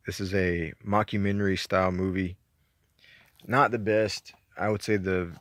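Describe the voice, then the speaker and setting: Low-voiced Southern man rambling about movies. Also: no room sound, clean studio sound. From Georgia, US. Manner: rambling, laid-back, profane, laughs often. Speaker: movie collector reviewing his collection. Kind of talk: casual chat.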